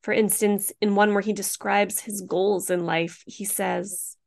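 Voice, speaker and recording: Gravelly-voiced chatty podcast woman. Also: mid-range voice, fairly even intonation, unhurried. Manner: chatty, blunt, swears often, says "like" a lot. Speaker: podcast co-host. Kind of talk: true-crime podcast narration and chat.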